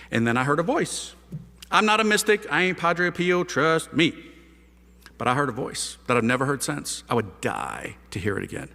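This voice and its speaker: Animated man preaching in a reverberant hall. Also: medium pitch. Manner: lively storyteller, casual slang, rhetorical questions. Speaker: priest giving a conversion testimony. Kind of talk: animated testimony talk to an audience. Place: large hall with a live audience.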